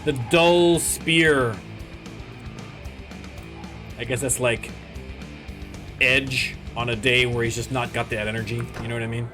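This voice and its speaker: A man's voice: medium pitch, completely flat delivery, normal speed, bright, forceful tone, faint music behind. A young Canadian man hosting a casual let's-play, rambling and joking as he plays. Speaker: gaming channel host.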